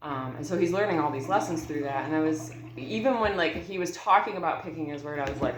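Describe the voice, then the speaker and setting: A woman's voice: mid-range voice, brisk, few pauses. A woman in her thirties telling a personal story to her viewers in an earnest, heartfelt way, calling them y'all. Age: 30s. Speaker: vlogger. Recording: echoey room.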